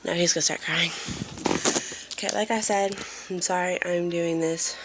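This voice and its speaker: A woman's voice: on the low side, moderate pace, noisy background. A woman chatting casually in a home vlog, apologetic and rambling with lots of fillers, filming on a handheld phone in a dim room. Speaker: mother giving a family update.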